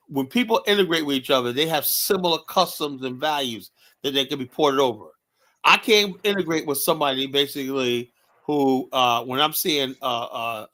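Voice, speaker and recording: A New York-accented man hosts a heated discussion, his medium-pitched voice sounding pushed and bright. He speaks emphatically, fires off rhetorical questions, and says "you know" a lot.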